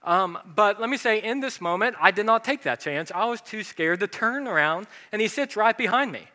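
Male pastor, storytelling sermon, fairly high bright voice, self-mocking humor, long hall echo. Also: lively intonation, normal speed. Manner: humorous, self-deprecating anecdotes.

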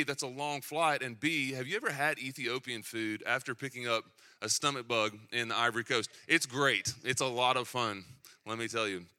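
A young man with a Tennessee accent delivers a sermon in a relaxed, storytelling way, dropping dry self-mocking jokes along the way. His voice is very bright and forward, sitting at an ordinary pitch for a man. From Southeastern United States. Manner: storytelling, self-deprecating humor, conversational. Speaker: preacher.

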